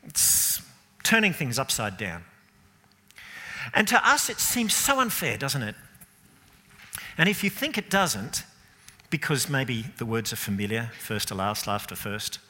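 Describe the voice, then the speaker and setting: A man preaching a sermon, asking the room rhetorical questions and swinging between loud and soft. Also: mid-range voice, in a large hall.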